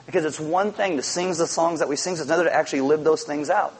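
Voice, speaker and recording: A man's voice: on the high side, fast talker, husky, rough recording. A middle-aged man preaching a sermon to his congregation, telling stories and acting out little quotes. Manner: animated storytelling with acted-out quotes. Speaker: pastor.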